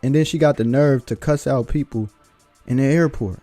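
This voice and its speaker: A man's voice: medium pitch, normal speed, warm tone, no room sound, soft background music. Blunt, lecturing male commentator. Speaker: reaction video host. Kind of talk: opinionated commentary.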